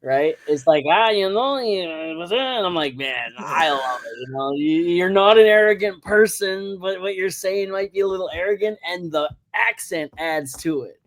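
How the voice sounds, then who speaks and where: Laid-back guy, higher voice. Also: normal speed, few pauses. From Canada. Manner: laid-back, profane, chatty. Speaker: podcast guest. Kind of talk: casual podcast chat.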